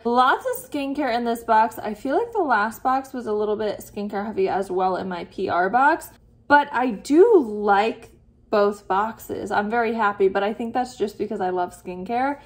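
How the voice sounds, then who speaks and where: A woman vlogging a beauty box unboxing, chatting casually and reading product blurbs aloud between her own asides. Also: a little high. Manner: frequent "like" fillers.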